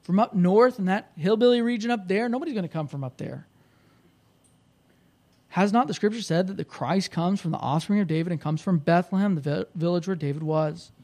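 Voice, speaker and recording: A man pastor preaching a sermon, animated and conversational, rising loud when he voices the crowd. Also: high-pitched. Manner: conversational, with restarts.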